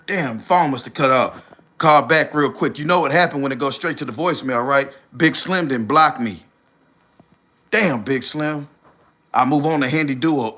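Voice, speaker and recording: A man roasting people on his livestream, animated and loud at times. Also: mid-range voice, normal speed. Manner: animated, shouting impressions. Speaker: streamer host.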